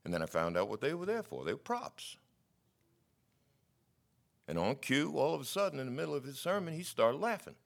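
A middle-aged man preaching a sermon, telling stories in a wry, skeptical, animated way. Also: mid-range voice, a little fast, vocal fry, pauses often.

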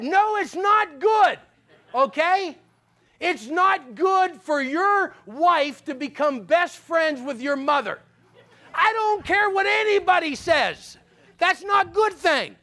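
A high-voiced, folksy man from Pennsylvania preaches his testimony as a guest speaker, telling stories with animation. He talks straight to the audience, tagging lines with "okay?", and shifts between loud punchlines and low, serious tones.

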